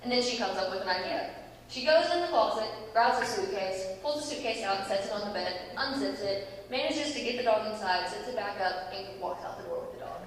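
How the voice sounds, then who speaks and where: A young woman giving a church talk, telling a lively story and acting out its people. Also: mid-range voice, a little fast. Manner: lively storytelling, acts out voices. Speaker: youth speaker. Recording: echoey hall, distant mic, faint hiss.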